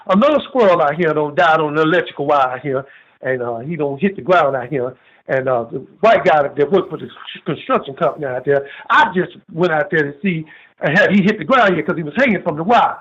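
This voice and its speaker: A man's voice: high-pitched, fairly bright tone. Male caller, folksy storyteller, repeats himself, muffled phone audio. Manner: folksy, repetitive, tells long funny anecdotes. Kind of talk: rambling call-in storytelling.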